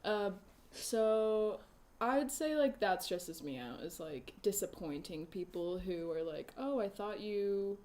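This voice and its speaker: A woman's voice: fairly low pitch, animated, a little mellow. A woman talks casually in an interview. She laughs easily and comes across as a little anxious. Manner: giggly, anxious, quick to laugh. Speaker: comedy performer being interviewed.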